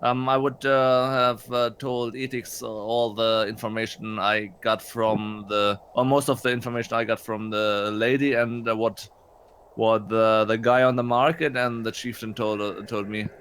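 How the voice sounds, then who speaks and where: A man playing a tabletop game, speaking in a halting, hesitant way full of fillers and restarts. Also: mid-range voice, little pitch movement, fairly bright tone, slight background noise. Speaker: player.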